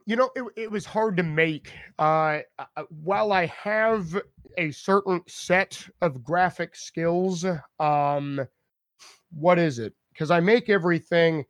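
Streamer guest, male, slightly high voice, loose and laughing, dry recording. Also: slow, no room sound. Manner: laughs often, repeats words, puts on voices for viewers' names. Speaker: streamer being interviewed. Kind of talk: casual chat.

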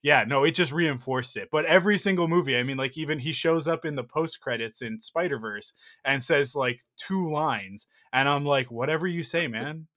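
A man's voice: mid-range voice, moderate pace, hardly any pauses, bright, forceful tone. A man in his thirties co-hosting a casual podcast chat, gushing and rambling with playful exaggeration. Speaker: podcast co-host.

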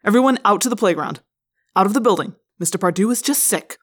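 A woman's voice: medium pitch, expressive, quick pace, lightly acted. A woman voicing a stern male assistant principal who snaps orders at children. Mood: commanding. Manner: snapping, commanding.

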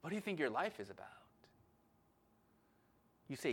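Impassioned preacher man, lively high voice. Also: normal speed, pauses often. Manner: passionate preaching that swings from shouting to calm. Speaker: pastor. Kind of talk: sermon.

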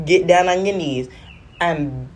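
A young woman, telling stories in a sassy, animated casual rant, coughing now and then. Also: on the low side, slow, breathy edge. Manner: animated, sassy storytelling with patois slips. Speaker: vlogger. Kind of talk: casual smoking-session rant.

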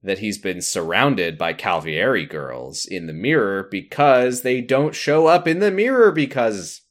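A man's voice: fairly low pitch, sing-song, unhurried. A man co-hosting a podcast, recapping a TV episode casually and with amusement. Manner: amused, laughs while recapping. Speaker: podcast co-host.

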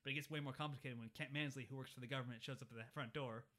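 A man's voice: mid-range voice, racing. A man casually retelling a movie scene by scene, filling his talk with "like" and "you know" and doing voices. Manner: animated retelling with voiced impressions. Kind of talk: casual movie recap chat.

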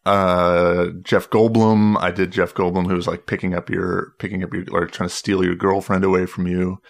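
A man with a very low voice in a relaxed conversation. He rambles through his story with frequent stops, restarts and filler words. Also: normal speed, vocal fry. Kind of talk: casual chat.

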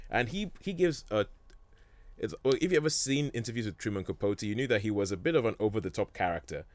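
Rambling low-voiced man chatting about films. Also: lively intonation, fast talker, no room sound. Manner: rambling, many fillers and restarts, chuckles often. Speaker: film discussion host. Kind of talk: casual chat about films.

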